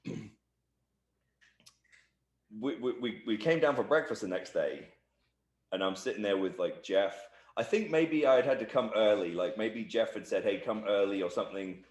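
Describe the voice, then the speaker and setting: Guy, low voice, yarning on in an interview, doing everyone's voices, echoey room. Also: moderate pace, pauses often. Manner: animated anecdote-telling, acting out quotes. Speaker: interview guest, wrestler. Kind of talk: shoot interview storytelling.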